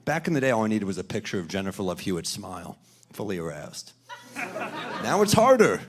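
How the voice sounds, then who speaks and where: A man performing stand-up comedy on a club stage into a handheld mic, with a dry, deadpan delivery. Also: lowish voice, a little fast, breathy edge. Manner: deadpan, dry delivery, talking back to a heckler. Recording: live club recording, laughing crowd.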